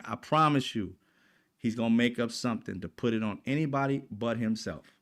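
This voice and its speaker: A man's voice: medium pitch, fairly quick, a bit bright. A man hosting his own commentary channel, delivering a heated, profane political rant. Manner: profane, fired up, repetitive.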